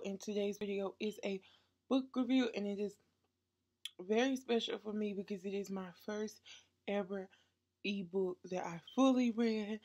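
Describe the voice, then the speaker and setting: Woman vlogger with a stuffy nose, unhurried and chatty, gushing book reviewer. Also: mid-range voice, a little mellow, highs cut off. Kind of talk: casual book review vlog.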